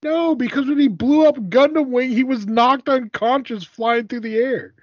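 A man in a casual group chat, eager and quick to argue. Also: very high-pitched, darkish tone, no echo. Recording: dull lo-fi sound.

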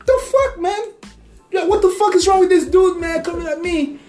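A man doing an outraged stranger at a train station, cursing and yelling in a voice pitched far above his own. The shouting rings through a roomy, echoing space. Faint music plays behind. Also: moderate pace.

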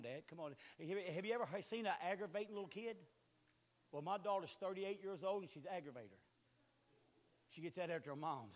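A man's voice: high voice, a bit bright. A man, preaching a sermon in a folksy storytelling way that rises to hollering.

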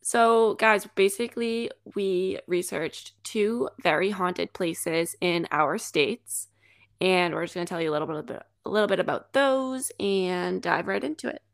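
Woman co-host, mid pitch, gravelly, relaxed and agreeable. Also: unhurried. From Massachusetts, US. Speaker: podcast co-host. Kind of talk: casual chat.

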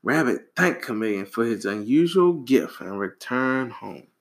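A man reading a folktale aloud to a child, animated and relaxed, with casual asides. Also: mid-range voice, unhurried. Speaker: storyteller.

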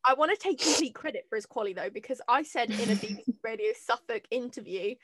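Brief: woman, podcast host, high voice, dry close sound, lively and jokey. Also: fast talker, dry recording. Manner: animated, jokey, swings between loud and hushed. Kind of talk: casual chat.

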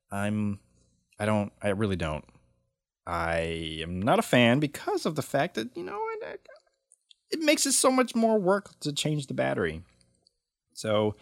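A man's voice: fairly low pitch, dry recording, clean studio sound. A man hosting his own podcast, talking casually and rambling with lots of fillers and restarts. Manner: rambling and chatty, with many fillers and self-corrections. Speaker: podcast host. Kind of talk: casual solo podcast chat.

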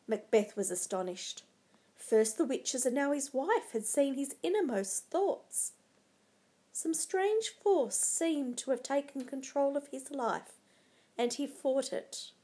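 A woman narrating a storybook in a measured, dramatic way. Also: high-pitched, expressive, warm tone.

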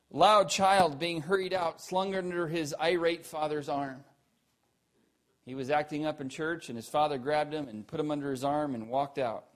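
A man preaching a sermon, earnest, asking the listeners questions, rising to emphatic peaks and then dropping low and quiet.

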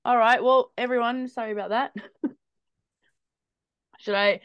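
A woman hosting a casual snack taste test, playful and quick to exclaim. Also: a little high, fairly even intonation, a bit bright, clean tone, dry recording, muffled recording. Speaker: channel host. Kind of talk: casual chat.

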